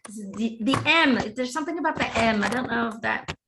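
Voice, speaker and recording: A woman's voice: fairly high pitch, fairly quick, vocal fry, background noise. A woman giving a channeled spiritual reading, relaying a guide's messages with frequent "he says" and ums. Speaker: spiritual reader.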